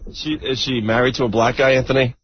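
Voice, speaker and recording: A man's voice: medium pitch, steady tone, fast talker, a little hiss or hum. A male radio co-host chiming in with brief reactions and laughter, on a muffled radio broadcast. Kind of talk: talk radio banter. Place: radio studio.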